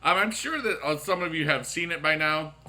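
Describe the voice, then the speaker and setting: A man's voice: on the high side, fairly quick, sharp tone. A man casually commenting on his mobile wrestling game late at night, upbeat and rambling, with many fillers and restarts. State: up late on caffeine. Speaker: YouTube gaming host.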